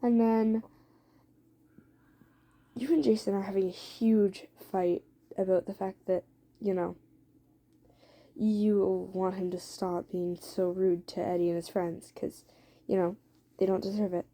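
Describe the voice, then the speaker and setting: A woman casually narrating an improvised story to her viewers in a rambling, chatty way, swearing and filling pauses with "um.". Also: medium pitch, fairly even intonation, mellow. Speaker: storyteller for listeners.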